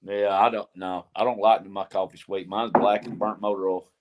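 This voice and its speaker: A man's voice: sits low, little pitch movement, moderate pace, heavy background noise. Folksy older man chatting on stream. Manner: laughing, storytelling, folksy. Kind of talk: casual group chat on a live stream.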